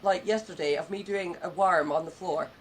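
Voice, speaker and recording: A woman's voice: fairly low pitch, moderate pace, a crowd in the background, low-quality recording. Chatty young woman podcast host. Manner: chatty and candid, swears casually. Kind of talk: casual chat.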